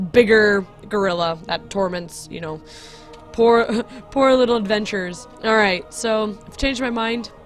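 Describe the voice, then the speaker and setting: A woman hosting a game video in casual, chatty commentary, giggling and often correcting herself. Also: medium pitch.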